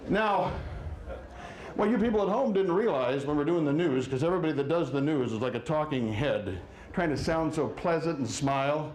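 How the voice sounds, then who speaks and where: A man's voice: on the high side, lively intonation, darkish tone, slight background noise. Middle-aged man doing stand-up in an echoey room. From Wisconsin. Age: 40s. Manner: wry storytelling with quick quoted asides. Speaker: stand-up comedian. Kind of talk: stand-up comedy set. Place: live comedy venue with audience.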